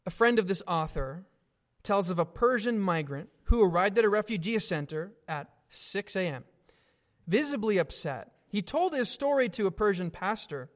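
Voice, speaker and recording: A man preaching a sermon in an earnest, deliberate way, stressing his points with direct questions to his listeners. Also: high voice, animated.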